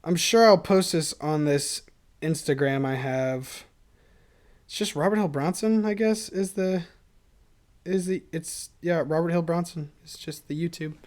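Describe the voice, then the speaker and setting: A man's voice: fairly high pitch, measured pace, darkish tone. A young man hosting a solo podcast, talking in a chatty, self-mocking ramble and laughing often, recorded on a camera mic. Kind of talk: rambling casual monologue.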